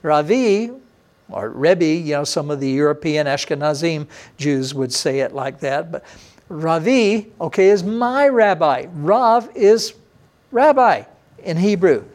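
A middle-aged man, a pastor, preaching a sermon with emphatic swings between loud, high bursts and quiet, low passages. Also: lively intonation, a little slow. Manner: emphatic preaching with sudden rises and drops in pitch and loudness.

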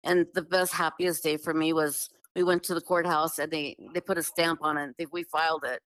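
A guest, a woman with a low voice, talks fairly quickly through a long personal story, earnest and animated, full of "like," fillers and restarts. The low-quality recording has no room sound.

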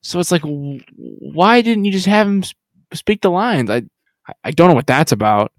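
A man's voice: fairly high pitch, animated, moderate pace, no room sound. A man co-hosting a podcast in casual chat, cutting in with dry, sarcastic quips. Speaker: podcast co-host.

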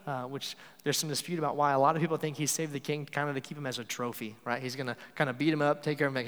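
A man's voice: medium pitch, fairly even intonation, rapid-fire, few pauses, fairly bright tone, big-room sound. A man preaching a sermon in a conversational way, often acting out the lines he quotes.

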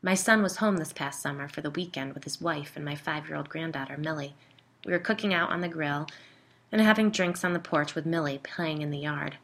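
A composed older woman, a grandmother, speaks in a low, measured voice with dry wit, as a woman reading the story puts her on. She keeps her tone even and unhurried. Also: creaky, exaggerated voice. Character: calm, wry older woman, a grandmother and homeowner.

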